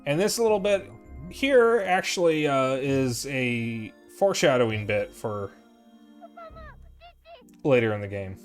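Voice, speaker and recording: A young man talks through a game stream in a loose, candid way, swearing freely and drifting between thoughts with plenty of "uh"s. His pitch sits in an ordinary middle range. Soft music plays faintly underneath. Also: animated, slow, long pauses. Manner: candid, profane, rambling with fillers. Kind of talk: casual gameplay commentary.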